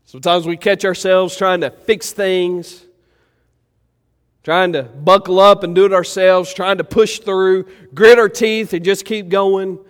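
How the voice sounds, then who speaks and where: A pastor preaching a sermon, moving between loud, urgent pleas and quiet, low reflection. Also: male voice, fairly even intonation, a little slow. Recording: church hall with long reverb.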